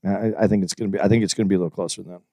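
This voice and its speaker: Give me a calm man co-hosting a podcast who keeps stammering, recorded dry. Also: deep voice, no room sound. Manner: stammers and repeats words, calm and measured. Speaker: podcast co-host. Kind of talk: casual chat.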